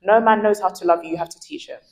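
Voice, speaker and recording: Speaking quickly in a mid-range voice, a woman in her twenties recounts stories with energy as a guest in a candid interview. She acts out what others said, and the recording quality is low.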